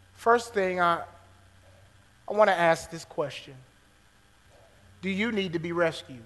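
A man preaching a sermon to his congregation, swinging between loud preaching and hushed near-whispers and calling out "guess what" again and again. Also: high-pitched, slow pace, pauses often, big-room sound, low-quality recording. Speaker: pastor. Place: church sanctuary.

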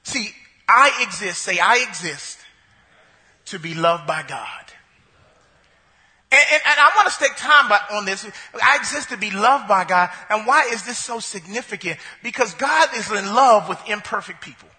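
Very high, bright-voiced preaching man. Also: lively intonation, normal speed, long reverb tail. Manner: emphatic preaching, repeats phrases, builds to shouts. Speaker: pastor. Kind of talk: sermon.

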